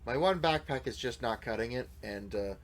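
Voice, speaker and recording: A man's voice: mid-range voice, expressive, normal speed, a little hiss or hum, low-quality recording. A man giving casual, rambling gameplay commentary as a let's play host, thinking aloud as he goes.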